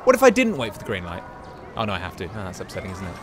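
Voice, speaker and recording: A man's voice: low voice, wildly swooping pitch, racing, faint music behind, some chatter behind. A man giving casual commentary as he plays a video game, chatty and full of exclamations. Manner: chatty, exclaims and muses aloud while playing. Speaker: gaming YouTuber.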